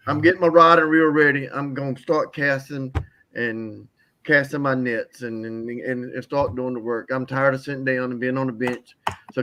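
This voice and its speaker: An older man giving an emotional, heartfelt testimony on a call, halting and repeating words as he grows tearful. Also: mid-range voice, steady tone, bright, forceful tone, a little hiss or hum.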